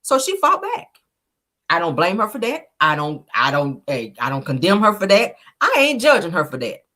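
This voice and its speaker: Lower-pitched woman host doing a casual, emphatic reality show recap, peppered with asides. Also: huge pitch swings, moderate pace, bright, forceful tone. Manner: chatty and emphatic, with frequent "okay?" asides and bursts of laughter.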